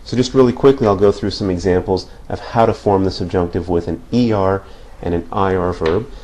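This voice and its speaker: A man's voice: low voice, a little fast, a little mellow. A man teaching a Spanish grammar lesson at a whiteboard, explaining patiently and checking in with listeners after each point. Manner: patient, repeats points with frequent "okay?" checks.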